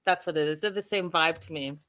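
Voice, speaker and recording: Bright-voiced, chatty woman host. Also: deep voice, brisk. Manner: chatty, addresses viewers directly. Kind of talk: live reality-show recap chat.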